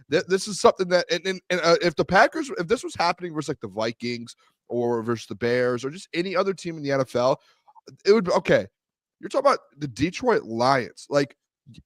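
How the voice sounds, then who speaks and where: A man co-hosting a sports talk show, ranting in an animated way and repeating himself. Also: a little high, no echo. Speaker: co-host.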